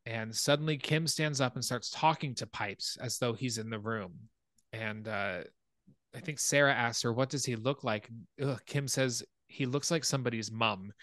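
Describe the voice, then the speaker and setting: A man hosting a podcast, casually retelling a film scene by scene and getting animated at the scary parts. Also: dry recording, studio quality. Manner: animated storytelling, rises in pitch when excited. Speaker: podcast host.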